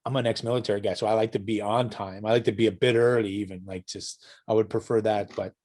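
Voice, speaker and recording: A man's voice: lowish voice, fairly even intonation, quick pace, darkish tone. A middle-aged Canadian man, a hockey parent guest, telling rambling anecdotes with many restarts and chuckles. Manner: rambling, self-correcting, laughs at his own stories. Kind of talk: casual storytelling interview.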